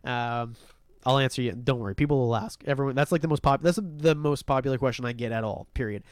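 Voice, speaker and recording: A man's voice: mid-range voice, fast, dry recording, clean studio sound. A young Canadian man hosting a casual livestream, rambling and reading out viewer comments as he thanks people. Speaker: livestream host. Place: warm room under a heat lamp.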